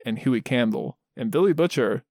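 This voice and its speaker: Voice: mid-range voice, expressive, moderate pace, darkish tone, dry recording, clean studio sound. A podcast co-host talking bluntly and profanely. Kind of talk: casual podcast chat.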